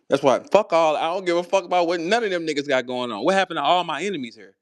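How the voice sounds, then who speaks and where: Brash, high-pitched man, heated and profane. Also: expressive, rapid-fire, hardly any pauses, no echo. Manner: profane, confrontational, laughing taunts. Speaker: host. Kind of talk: heated live audio chat. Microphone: online audio room.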